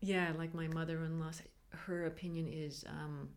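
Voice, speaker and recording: A woman's voice: deep voice, steady tone. Frank, laughing woman being interviewed. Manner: frank, halting, laughs often. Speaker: interviewee, mother. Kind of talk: candid interview.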